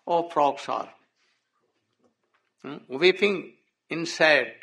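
Slow gravelly storyteller man. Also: fairly high pitch, lively intonation, bright, forceful tone. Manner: halting English with frequent "oh" and "hmm?". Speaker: religious storyteller. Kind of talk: devotional storytelling discourse.

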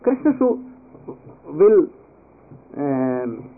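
A man's voice: on the high side, big pitch swings, very slow. Casting: male spiritual teacher, raised voice, storytelling sermon, tinny phone-like audio. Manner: storytelling, prompting listeners to complete words. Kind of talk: devotional discourse.

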